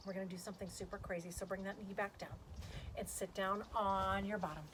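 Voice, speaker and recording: Woman, kids yoga teacher, high-pitched, playful animal sounds, faint background noise. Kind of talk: guided kids yoga class.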